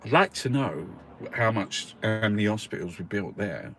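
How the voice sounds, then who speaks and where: A man's voice: lowish voice, animated, moderate pace, a bit bright, soft background music. Rambling, swearing man. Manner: rambling, swears freely, laughs often. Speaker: host reviewing newspapers. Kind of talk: casual chat.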